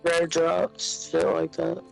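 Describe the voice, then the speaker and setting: A man's voice: a little high, completely flat delivery, vocal fry, soft background music, low-quality recording. A man answering briefly and offhandedly while playing a game with a friend, swearing casually. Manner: terse, slow, offhand, swears. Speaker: gaming friend. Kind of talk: casual chat while gaming.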